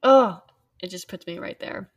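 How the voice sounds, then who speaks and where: A woman chatting about a song, animated and reciting its lyrics. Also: medium pitch, moderate pace, creaky, dry recording, clean studio sound, recorded from a distance. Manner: animated, quotes lyrics and acts out others. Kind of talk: casual chat about a song.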